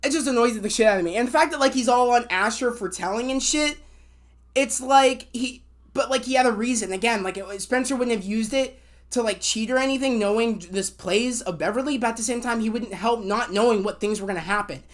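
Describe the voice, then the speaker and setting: Rambling, excitable woman reviewer. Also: on the high side, fairly quick. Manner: rambling, many fillers and restarts, swears when annoyed; excitable, acts out quotes. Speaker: TV show reviewer. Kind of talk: casual spoiler review rant.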